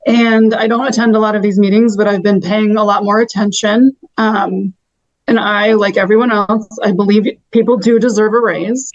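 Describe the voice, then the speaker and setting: A woman's voice: medium pitch, steady tone, dry recording. Frustrated mother calling in over video. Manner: earnest, halting, frustrated. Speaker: parent giving public comment. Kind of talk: public comment by video call. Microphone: video call. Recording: muffled video call audio.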